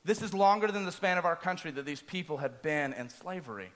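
Animated high-voiced preacher. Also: male voice, brisk. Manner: animated storyteller, acts out screams. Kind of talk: sermon with personal story.

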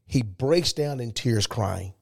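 A man's voice: mid-range voice, slow pace, creaky. Emphatic storytelling man. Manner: animated, emphatic storytelling with rising excitement. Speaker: guest. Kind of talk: storytelling interview.

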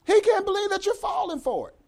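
A man's voice: extremely high pitch, big pitch swings, brisk, darkish tone. A man preaching a sermon as pastor, talking to the congregation and acting out the voices of the characters in the story.

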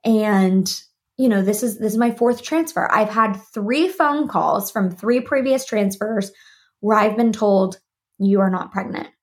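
Woman, podcast host, animated personal storytelling, acts out dialogue, home office desk. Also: mid-range voice, a little slow.

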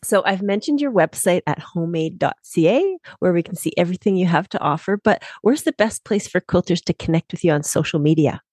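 A woman hosting a podcast interview, reacting warmly and reading a contest announcement. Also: fairly low pitch, animated, a little fast, few pauses, no echo, clean studio sound. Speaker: podcast host.

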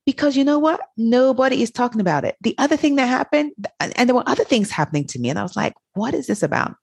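A middle-aged woman with a slightly husky, breathy voice tells her story to an interviewer, her pitch leaping up and down as she plays out every exchange. The sound is dry and close. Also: fast, no echo. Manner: animated, acts out dialogue in her stories. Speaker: guest, author. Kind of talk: candid conversational storytelling.

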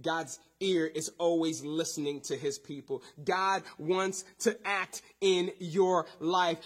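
A man with a high, husky voice delivers a sermon. He preaches with sudden swells of intensity and soft drops, repeating his key points for emphasis. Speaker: pastor.

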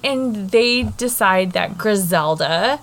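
A woman recaps a novel for her co-host in a loose, chatty style. She swears freely and fills her pauses, and her voice sits mid-range for a woman. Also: medium pitch, lively intonation. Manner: chatty, profane, lots of fillers. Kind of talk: casual book discussion.

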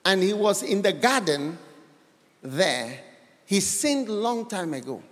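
A man's voice: sits high, sing-song, takes it slowly, big-room sound. A man with a Ghanaian accent preaching a sermon as guest preacher, emphatic and often questioning the congregation.

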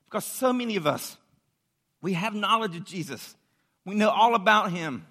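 A man preaching to a youth group, animated and pleading, acting out a story with a volunteer from the audience. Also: sits high, moderate pace, husky. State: out of breath. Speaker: youth pastor. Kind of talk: sermon with audience demonstration. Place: church hall with audience.

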